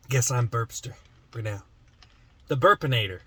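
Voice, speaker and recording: A man's voice: medium pitch, a bit bright, breathy edge, no room sound. A man vlogging in casual chat to the camera, rambling with lots of fillers and restarts.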